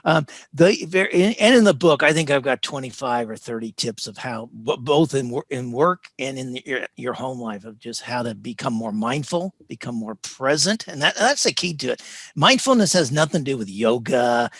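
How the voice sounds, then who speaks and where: A man, a leadership coach, speaking as an interview guest; he gets excited and then deliberately slows and calms his voice. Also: medium pitch, husky, dry recording. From United States. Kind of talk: interview over video call.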